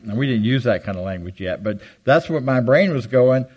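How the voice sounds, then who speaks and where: An older man giving an animated, self-deprecating storytelling talk to a live audience on a handheld mic. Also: a little fast, slightly rough, low-quality recording. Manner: animated, jumps high for quoted voices. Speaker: guest speaker. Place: hall with audience. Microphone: handheld microphone.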